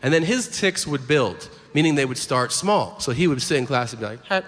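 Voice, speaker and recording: A man's voice: mid-range voice, brisk. A man performing a stand-up comedy set, telling profane stories and acting out the people in them. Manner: animated storytelling, acts out voices, profane. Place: comedy venue stage. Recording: live club mic, hall reverb, audience noise.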